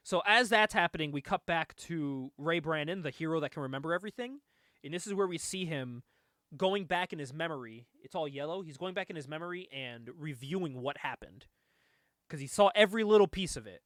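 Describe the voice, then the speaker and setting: A man's voice: fairly high pitch, animated, brisk, a bit bright, dry recording, clean studio sound. A man hosting a podcast, recapping a comic book in a loose, chatty way, laughing often and swearing freely. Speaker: podcast host.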